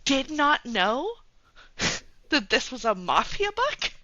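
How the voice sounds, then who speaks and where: A woman's voice: high voice, very animated, slow, bright, forceful tone, no echo, highs cut off. A woman guest on a podcast, chatting casually and laughing a lot, with plenty of "like" and "um" fillers. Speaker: guest, romance bookstore founder.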